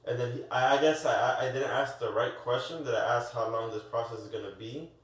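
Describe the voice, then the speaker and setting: A man's voice: mid-range voice, a little fast. Man telling a story in an echoey room. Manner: animated storytelling with slang and stumbling restarts. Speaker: storyteller on a podcast. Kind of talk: casual chat. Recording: roomy echo, far from the mic.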